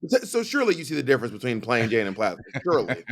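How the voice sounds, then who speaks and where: A man's voice: mid-range voice, huge pitch swings, racing. A man co-hosting a casual recap podcast, explaining plots at length with sassy, emphatic asides. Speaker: podcast co-host.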